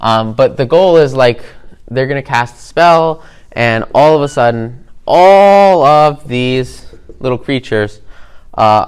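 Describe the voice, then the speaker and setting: A man casually talking through a cartoon episode in a relaxed, upbeat way, rambling with many fillers and repeated words. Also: mid-range voice, clear, resonant tone. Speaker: host.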